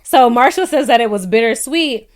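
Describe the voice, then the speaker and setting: At a moderate pace, a young woman chats through a casual reality show recap, animated and laughing frequently, her voice jumping higher whenever she reacts.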